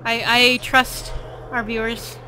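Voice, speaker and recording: A woman with a high, bright voice hosts a casual co-op game session. She laughs often and swears freely as she plays. Her tone stays playful and loose throughout. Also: flat delivery, takes it slowly, slight background noise, poor audio. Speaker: let's play host. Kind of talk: casual gameplay chat.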